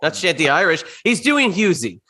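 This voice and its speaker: A man's voice: high voice, sing-song, moderate pace, bright, forceful tone. A man co-hosting a podcast, teasing and joking in casual chat. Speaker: podcast co-host.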